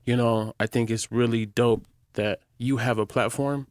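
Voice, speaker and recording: A man's voice: mid-range voice, fairly even intonation, normal speed, darkish tone, dry recording, studio quality. A man co-hosting a casual podcast, easygoing and slangy, asking thoughtful questions. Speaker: podcast co-host.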